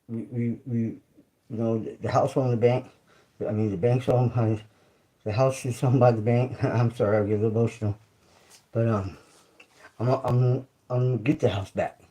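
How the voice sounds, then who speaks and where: Man, mid-pitched voice, hosting a casual livestream monologue; loose, repetitive, talks straight to viewers. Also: mellow, low-quality recording. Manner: loose and conversational, repeats phrases, asks listeners "you feel me?". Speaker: YouTube creator and livestream host.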